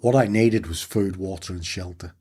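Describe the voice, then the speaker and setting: Yorkshire man, guest storyteller; husky, lowish voice, acts out dialogue. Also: moderate pace, mellow. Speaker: podcast guest. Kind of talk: personal storytelling interview.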